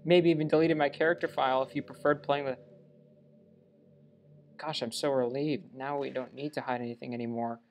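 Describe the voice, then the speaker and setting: A man's voice: medium pitch, fairly even intonation, fairly quick, pauses often, a little hiss or hum, close to an everyday voice. A man playing through a game and reading a lovestruck young woman character's lines aloud in his own voice, with small stumbles along the way. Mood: sweet. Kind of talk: let's play reading game dialogue aloud.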